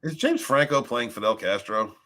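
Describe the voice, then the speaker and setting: A man hosting a podcast in casual chat, animated and rambling with restarts and frequent swearing. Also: medium pitch, moderate pace. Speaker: podcast host.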